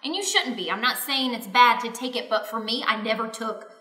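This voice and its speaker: Bright-voiced young woman telling her story. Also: on the high side, brisk. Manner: tells a story with lots of "she goes" and "I was like". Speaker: co-host of a couples channel. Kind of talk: candid personal story. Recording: echoey room.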